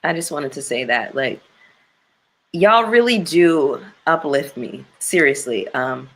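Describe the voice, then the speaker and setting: Lady with a low voice on a livestream, tired and emotional, venting to her chat, real casual and slangy. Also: animated, takes it slowly. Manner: gets loud and high-pitched when ranting. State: exhausted and emotional. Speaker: YouTube livestream host.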